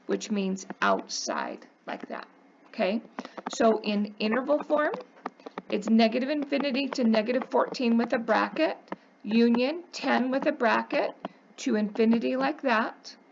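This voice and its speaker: A woman's voice: on the high side, lively intonation, a little slow, creaky, dull audio, background noise. A woman math teacher lecturing her class, emphatic and coaxing, often checking in with "okay?".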